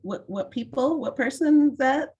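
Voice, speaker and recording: A woman's voice: high-pitched, animated, normal speed, darkish tone, dull audio. A woman hosting an online mentoring session over a video call, giving friendly, direct instructions with some fillers.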